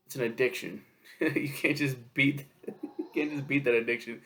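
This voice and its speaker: A man's voice: mid-range voice, fairly even intonation, moderate pace, fairly bright tone. A young man telling a rambling, profane story in a casual vlog, laughing often. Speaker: book reviewer.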